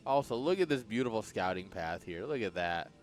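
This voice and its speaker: A man casting a strategy game match in a relaxed, jokey play-by-play style, chuckling often. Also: on the low side, a little fast, faint music behind. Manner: laid-back, chuckling, jokey. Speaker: esports caster. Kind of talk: casual play-by-play commentary.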